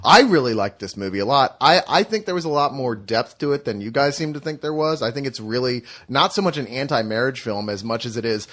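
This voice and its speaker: A man's voice: mid-range voice, animated, a little fast, few pauses, fairly bright tone. A man co-hosting a casual film review podcast, earnest and thoughtful. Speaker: podcast co-host.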